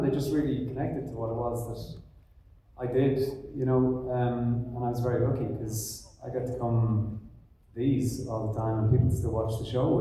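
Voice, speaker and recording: An Irish actor answering questions on a convention panel in a loose, rambling way with lots of fillers and laughs, heard through a phone in the audience. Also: male voice, mid-range voice, dark tone, a little hiss or hum. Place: large convention hall. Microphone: stage mic, recorded on a phone in the audience. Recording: echoey hall, phone from far off.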